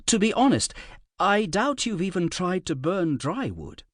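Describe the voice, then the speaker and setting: A man's voice: sits high, big pitch swings, dry recording, clean studio sound, pitched above the performer's own voice. A man voicing a timid, delicate female court advisor who speaks carefully and halts over awkward words. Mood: earnest. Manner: hesitant, halting, careful diplomatic phrasing. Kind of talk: audiobook character voice.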